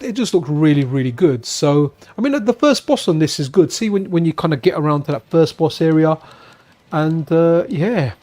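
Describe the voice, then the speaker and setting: A man's voice: on the high side, warm tone. A man chatting casually and enthusiastically while streaming retro games at a friend's house. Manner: chatty and enthusiastic, with frequent restarts. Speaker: streamer, channel host. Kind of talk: casual live-stream chat while gaming.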